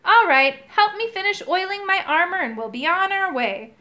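A woman's voice: extremely high pitch, animated, normal speed, voice pushed up, heavily acted. Woman voicing the Rusty Knight, a cheerful hard-of-hearing old knight. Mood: warm. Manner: cheerful, loud, slightly befuddled.

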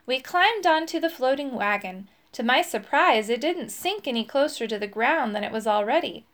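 A woman reading a children's adventure story aloud in a clear, expressive voice. Her tone sits a little high and keeps an even storytelling pace. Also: normal speed. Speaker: storybook reader.

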